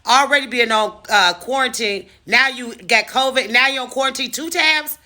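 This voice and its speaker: A woman vlogger telling a personal story casually, animated and profane, acting out the dialogue. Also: fairly high pitch, moderate pace.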